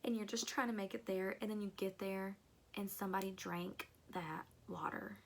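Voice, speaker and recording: Young woman vlogger, mid-pitched and a little gravelly, telling a personal story casually with asides and fillers. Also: steady tone, normal speed, a little hiss or hum. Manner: chatty, rambling with fillers and asides to viewers.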